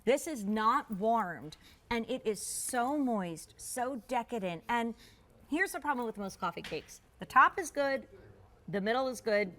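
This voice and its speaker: A woman's voice: a little high, expressive, measured pace, bright, forceful tone. A woman hosting a live shopping channel segment, chatty and gushing as she tastes and sells the food. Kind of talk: live TV sales pitch.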